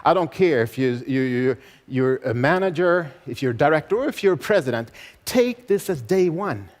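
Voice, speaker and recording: A man's voice: on the high side, lively intonation, moderate pace. A man in his forties giving a motivational stage speech, emphatic and repeating key phrases with rhetorical questions. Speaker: motivational speaker. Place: large event hall. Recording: long hall reverb.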